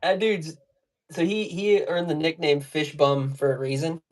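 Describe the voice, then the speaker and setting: A man's voice: fairly high pitch, measured pace. Rambling slangy man telling fishing stories. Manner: rambling storyteller, laughs while telling stories; loose slangy speech with many fillers. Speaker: fly and jig tier on a livestream. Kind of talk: casual livestream chat.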